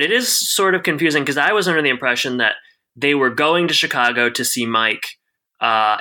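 Very bright-voiced male podcast co-host. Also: medium pitch. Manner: wry, self-interrupting, quick to joke. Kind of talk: casual chat recapping a TV episode.

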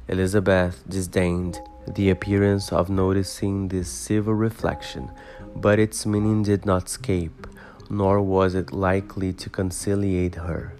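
A man reading a classic novel aloud as audiobook narration, steady and even. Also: low voice, a little slow. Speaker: audiobook reader. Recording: guitar music behind voice.

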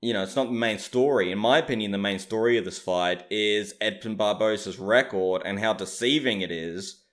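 Chatty man giving fight opinions. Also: fairly low pitch. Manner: opinionated, chatty, hedges his claims. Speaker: MMA commentator. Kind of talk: casual fight recap.

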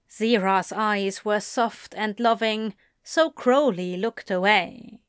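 Slow, measured female storyteller. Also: mid-range voice, clear, resonant tone, dry recording, clean studio sound. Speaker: audiobook reader. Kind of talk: scripted narration of fan fiction.

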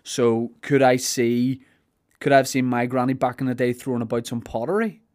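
A podcast host with a Belfast accent chats casually, rambling, cracking jokes and putting on silly voices for some comedic banter. His voice is medium-pitched and somewhat dark, and he talks at a normal speed.

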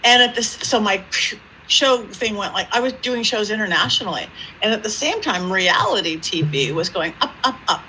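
A woman guest telling stories in an interview, with a lively improv-comedy manner and acted-out quotes. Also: moderate pace, a little hiss or hum, poor audio. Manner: lively, acts out quoted voices with big pitch jumps. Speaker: psychic medium guest. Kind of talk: animated storytelling interview.

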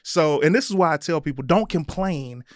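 A man tells a story on a podcast, slightly high-voiced and animated, playing every part of the argument himself. The sound is dry and close, with no room around it. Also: moderate pace, dry recording. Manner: animated storyteller, acts out both sides of arguments, laughs as he talks. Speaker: podcast co-host. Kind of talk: casual storytelling chat.

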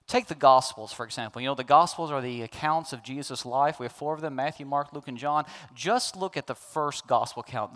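Pastor, male, young adult, high-pitched voice, emphatic sermon delivery. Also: a bit bright. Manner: emphatic preaching with rising, pleading questions.

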